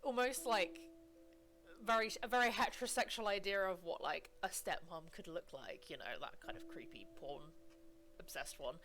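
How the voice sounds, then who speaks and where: A woman's voice: mid-range voice, moderate pace, faint music behind. A woman co-hosting a let's play, chatting in a giggly, rambling way full of "like"s. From United Kingdom. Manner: animated, giggly, rambling with many "like"s. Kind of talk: casual chat over gameplay.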